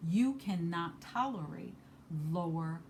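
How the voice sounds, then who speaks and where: A woman giving a spiritual card reading, earnest and emphatic, who repeats her key phrases and moves between bursts of emphasis and soft asides. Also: on the low side, expressive, takes it slowly, a little hiss or hum. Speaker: card reader.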